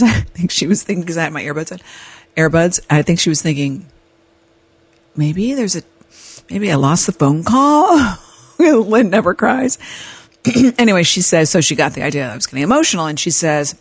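A woman hosting an advice podcast, telling a personal story in a candid, animated way. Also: deep voice, normal speed, slightly rough, dry recording. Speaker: podcast host.

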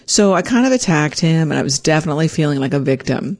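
Animated woman telling a personal story. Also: fast, few pauses. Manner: animated, acts out her own quoted lines with big pitch jumps; self-deprecating, reflective.

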